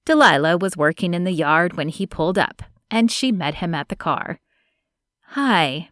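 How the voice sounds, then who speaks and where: Low-voiced woman narrating an audiobook. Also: animated, normal speed, a bit bright, no echo, studio quality. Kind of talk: scripted narration.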